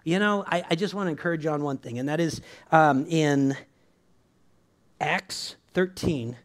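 A man's voice: on the high side, moderate pace. A man preaching a sermon in a casual, conversational way, often checking in with "right?" and laughing along with his listeners. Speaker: pastor.

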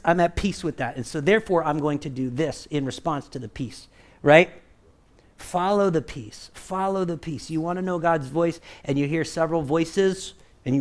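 Animated pastor, man, quick and lively. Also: fairly high pitch. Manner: animated, acts out quoted voices, keeps asking "right?". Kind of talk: conversational sermon.

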